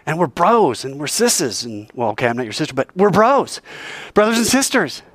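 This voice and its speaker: A man giving an informal sermon with a lively, swinging delivery, slightly higher-pitched than most. The sound is dry and close. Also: normal speed, no room sound. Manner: animated, playful, acts out scenes. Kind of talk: casual sermon.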